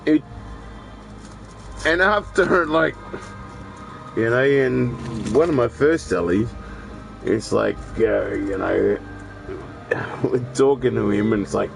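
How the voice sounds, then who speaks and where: Casual gamer guy, unhurried and gravelly, rambling and profane. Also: medium pitch, music in the background, low-quality recording. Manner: rambling, profane, restarts often. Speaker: gaming streamer. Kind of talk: casual chat while gaming.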